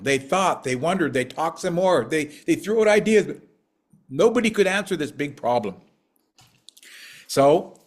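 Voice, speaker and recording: A man telling a traditional story to an audience, rhythmic and repetitive, gently teaching as he goes. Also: on the high side.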